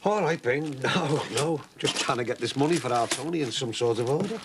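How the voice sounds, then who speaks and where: An actor playing a chatty, emotional shopkeeper in a soap opera. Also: male voice, mid-range voice, expressive, fairly quick, background noise, lightly acted. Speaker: shopkeeper raising money for his sick brother.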